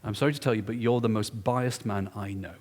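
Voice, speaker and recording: A man retelling the words of a blunt wife, speaking low and deliberate, in an echoey lecture hall. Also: steady tone, a little mellow, close to an everyday voice. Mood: reproachful. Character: blunt, frank wife of a scientist.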